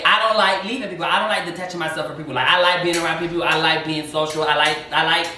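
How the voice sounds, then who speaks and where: Man, open and animated storyteller, slightly high, bright voice, echoey room, mic far off. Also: fast talker, slight background noise. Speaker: co-host. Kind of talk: casual chat. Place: home kitchen.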